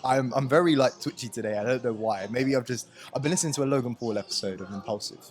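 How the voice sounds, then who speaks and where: A man's voice: medium pitch, quick pace, loud music behind the voice. A young man co-hosting a casual podcast chat, rambling and repeating words in an upbeat way. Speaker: podcast co-host.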